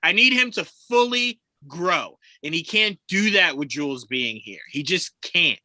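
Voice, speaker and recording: A lively man on a sports podcast, talking over a video call with a high, very bright voice that swings widely in pitch. He swears freely, laughs often and acts out other people's words. The sound is dry and close. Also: measured pace, dry recording. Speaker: podcast co-host. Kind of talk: casual sports chat.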